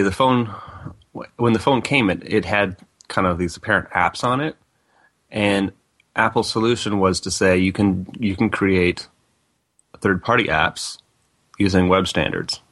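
A man's voice: deep voice, fairly bright tone. A man speaking as a guest on a tech talk radio show, explaining in a loose, rambling way with restarts and fillers. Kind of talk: casual radio interview talk.

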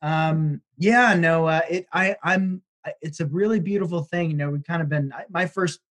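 A man's voice: a little high, moderate pace, a bit bright. A man talking as a guest director, effusive and rambling with many fillers. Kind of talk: casual interview chat.

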